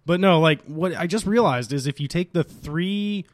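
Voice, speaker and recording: A man's voice: on the high side, normal speed, no echo, studio quality. A man co-hosting a casual movie-review chat, joking around and slipping into silly voices for quotes. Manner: jokey, animated, does silly voices for quotes. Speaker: podcast co-host.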